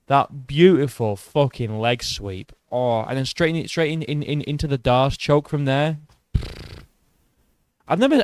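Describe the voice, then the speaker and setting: A man hosting a casual MMA vlog, excitable and heavy on swearing, who often restarts his sentences. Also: medium pitch, no echo. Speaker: MMA channel host. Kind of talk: casual fight commentary vlog.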